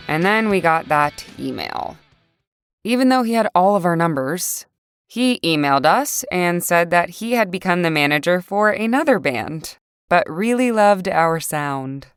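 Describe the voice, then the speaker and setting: Young female narrator for a dramatic first-person story, voice sitting a bit low, light music bed. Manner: dramatic, swings between rage and quiet despair.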